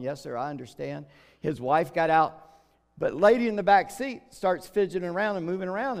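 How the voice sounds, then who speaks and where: A middle-aged man preaching a sermon as pastor, in a folksy, chatty way with jokes and quick asides. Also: on the high side. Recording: long hall reverb.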